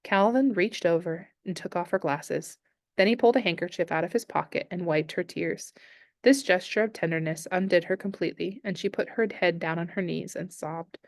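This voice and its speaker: Low-voiced woman reading a novel aloud. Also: normal speed, no echo, clean studio sound. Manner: calm, steady storytelling. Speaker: teacher.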